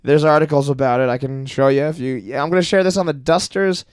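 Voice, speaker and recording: A young man chatting on a podcast, talking in an animated, ranting way and swearing freely. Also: fairly high pitch, fast talker, clean tone, no room sound, clean studio sound. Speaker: podcast guest. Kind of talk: casual podcast chat.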